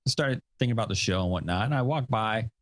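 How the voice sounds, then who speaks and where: A man's voice: fairly low pitch, lively intonation, fast talker, dry recording. A male podcast host chatting casually, rambling with fillers and self-deprecating asides, a father of young kids. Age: adult with young kids. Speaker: show host.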